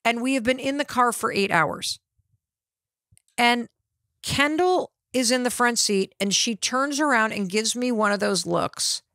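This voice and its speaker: Animated middle-aged woman telling a story. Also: on the high side, unhurried, no echo, studio quality. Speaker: podcast host. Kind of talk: personal storytelling.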